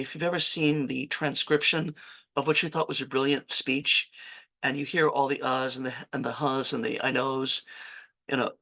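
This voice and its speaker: Gravelly, bright-voiced woman teaching writing. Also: rumbling low, flat delivery, moderate pace. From Virginia, US. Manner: conversational, self-correcting, chatty asides. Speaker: writing instructor. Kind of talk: online workshop lecture.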